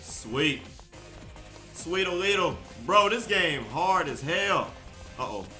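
A man giving casual gameplay commentary, loud, profane and excitable, joking with his viewers. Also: fairly high pitch, takes it slowly. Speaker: gaming streamer. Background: game music.

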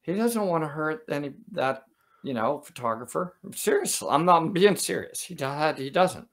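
A man's voice: a little high, animated, creaky, a bit bright. A man playing a dopey, telepathic sea-hero persona in a cracking voice, earnest and silly as a co-host. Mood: goofy. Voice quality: cracking, like a voice that is breaking. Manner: earnest, dreamy and deliberately silly. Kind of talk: goofy comic persona in a reaction video.

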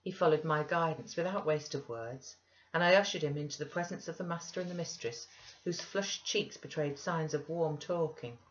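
Low-voiced woman reading a classic novel. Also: slight background noise. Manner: measured, even narration. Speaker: audiobook reader. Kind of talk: classic novel read aloud. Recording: dull lo-fi recording.

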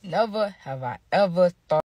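A young woman telling a story in a casual, slangy, animated way, dramatizing each twist. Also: lowish voice, normal speed, dry recording, studio quality. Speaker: storytime vlogger.

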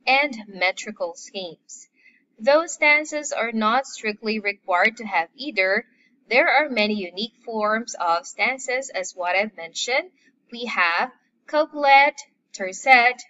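A woman teacher from the Philippines talks through a literature lesson at an unhurried pace. She explains each point methodically and lists the terms one at a time. Her voice comes through slightly muffled. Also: mid-range voice, sharp tone.

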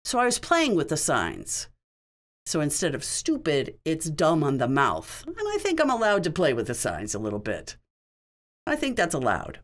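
A woman's voice: low voice, huge pitch swings, normal speed. A woman working as a sign language interpreter, voicing a signed question-and-answer session in a conversational, explanatory way, in short spoken phrases.

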